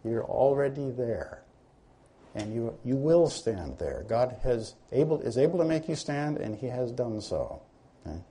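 A man preaching a sermon, talking it through like a teacher and turning questions back on his listeners. His voice is slightly husky, and his pitch swings up and down with a lot of movement. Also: very animated, measured pace, mellow.

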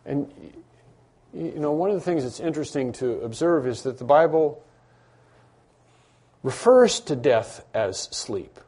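A man's voice: on the high side, big pitch swings, unhurried, long pauses, mellow, husky. A man preaching a sermon to a congregation, emphatic and repetitive, acting out imagined dialogue. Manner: emphatic, repeats key phrases, acts out imagined dialogue. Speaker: pastor. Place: church room with congregation.

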